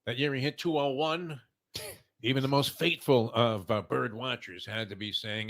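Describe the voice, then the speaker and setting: A man's voice: medium pitch, steady tone, normal speed, fairly bright tone. A man in his sixties hosting a morning talk show, telling long rambling stories full of "uh" fillers. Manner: rambling storyteller, heavy "uh" fillers. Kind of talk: casual sports talk.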